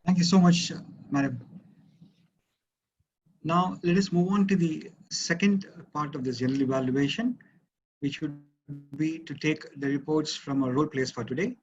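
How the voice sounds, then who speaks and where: A man's voice: on the high side, moderate pace, lo-fi sound. A man acting as general evaluator at a club meeting, formally and politely introducing speakers over a video call.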